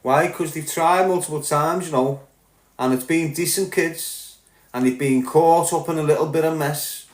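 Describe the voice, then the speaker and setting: A man's voice: fairly high pitch, normal speed, roomy sound. A man with a Liverpool accent ranting angrily as a podcast host, blunt and full of swearing. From Liverpool, England. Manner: angry, blunt, heavy swearing. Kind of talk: heated ranting monologue.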